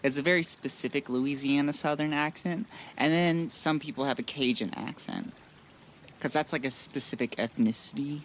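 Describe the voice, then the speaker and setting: A man's voice: a little high, steady tone, moderate pace, a bit bright, a little hiss or hum. A man streaming a modded game, chatting casually in a rambling, blunt way with frequent restarts. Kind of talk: casual live-stream chat.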